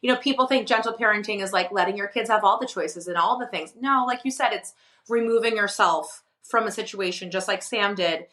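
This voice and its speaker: Bright-voiced woman co-host in her thirties. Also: mid-range voice, a little fast. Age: 30s. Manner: open and earnest, frequent agreeing "yeah". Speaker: guest co-host. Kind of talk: casual chat.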